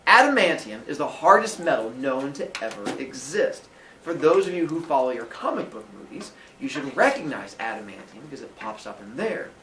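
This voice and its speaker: A man's voice: mid-range voice, a little fast, recorded from a distance, noisy background. A man telling a myth to a class in a jokey comic storytelling style, slipping into voices. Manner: animated, jokey, puts on voices. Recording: roomy echo, voice from afar.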